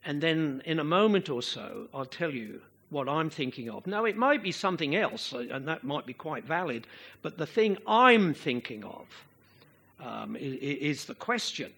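A man preaching a sermon to a congregation, slow and expressive, sometimes chanting out the rhythms of verse. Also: fairly high pitch, slightly rough.

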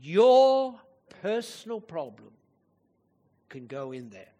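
Slow, lively high-voiced male preacher. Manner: conversational, asks listeners rhetorical questions. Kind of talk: sermon.

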